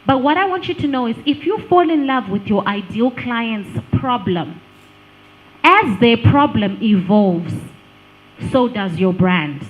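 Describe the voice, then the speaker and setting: Woman, workshop speaker, animated pitch, engaging, asks the audience questions. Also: a little slow, lo-fi sound. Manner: lively, engaging, asks the room questions, laughs often. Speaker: speaker on digital branding. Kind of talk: live workshop talk to an audience.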